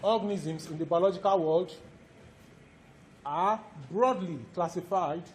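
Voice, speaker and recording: Nigerian lecturer dictating notes to a class. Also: male voice, high voice, a little mellow, a little hiss or hum. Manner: repeats each point slowly for note-taking; quizzes students directly. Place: lecture hall.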